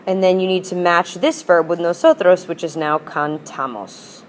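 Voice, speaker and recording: Patient repetition marks this language class, where a woman moves between Spanish and English as she drills. Her voice is lowish, her speed normal, and a faint hiss or hum sits under the audio.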